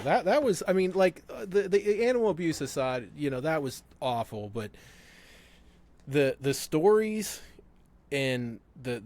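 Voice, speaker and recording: Man, casual chat, laughs a lot, swears freely, average pitch. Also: darkish tone. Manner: laughs often, profane storytelling.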